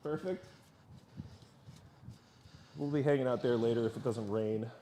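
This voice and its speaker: A man's voice: medium pitch, unhurried, slight background noise. Laid-back man teasing as co-host. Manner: relaxed, teasing, laughs often. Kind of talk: casual live-stream chat. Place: home.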